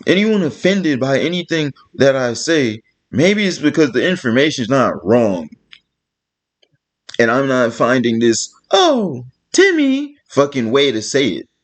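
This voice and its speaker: A man's voice: mid-range voice, expressive, unhurried. A man delivering a blunt, profane, exasperated rant to camera as a vlogger. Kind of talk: ranting vlog monologue.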